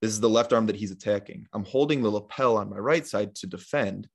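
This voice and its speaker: A young man with a fairly low voice, chatting as a guest on a podcast. He tells his story loosely, with plenty of likes and ums, and acts out what people said to him. His tone stays easygoing and conversational. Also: brisk, vocal fry. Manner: relaxed, rambling, many fillers and retold quotes. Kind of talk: casual storytelling in an interview.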